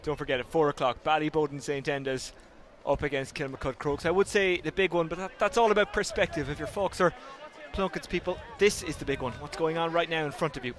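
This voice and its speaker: A man's voice: fairly high pitch, steady tone, fairly bright tone. An Irish man, slightly out of breath, calling live hurling play-by-play from a commentary position at an outdoor ground. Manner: brisk play-calling, self-deprecating asides. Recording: noisy outdoor stadium feed.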